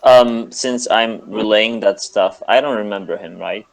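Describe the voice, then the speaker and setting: A man's voice: lowish voice, measured pace, gravelly, low-quality recording. A man playing at a tabletop game, asking hesitant questions about the rules. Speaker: player. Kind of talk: casual chat at a game table.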